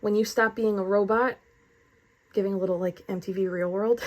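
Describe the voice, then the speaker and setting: A woman's voice: mid-range voice, steady tone, normal speed. Effusive woman giving a tarot reading. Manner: earnest, effusive, spiritual. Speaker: tarot reader. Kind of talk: casual spoken tarot reading.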